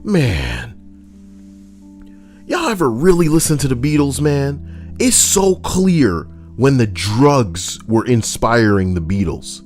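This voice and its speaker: A young man rants through casual, profane commentary in a wildly lively voice. He rambles, pushing hard on some lines and dropping to a mutter on others. Faint music hums underneath. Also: takes it slowly. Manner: rambling, swaying between loud rants and low mutters. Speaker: YouTube commentator.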